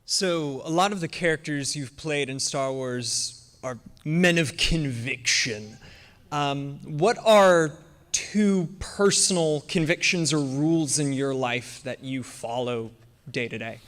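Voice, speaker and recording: A man in the audience at a convention panel, asking a question in slow, careful phrasing. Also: a little high, fairly bright tone. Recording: long hall reverb.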